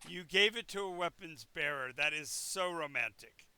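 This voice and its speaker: A man's voice: fairly high pitch, expressive, normal speed, gravelly, bright, forceful tone, clean tone, heavily acted. A man putting on a gushing giant bride-to-be. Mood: coy, gushing. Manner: gushing, giggly, presumptuous.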